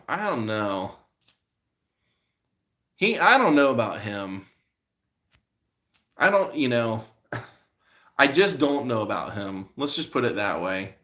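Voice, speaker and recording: A man with a bright, forward voice of middle pitch talks casually to his live stream. He rambles easily, leans on fillers, and answers viewers' comments as they come in.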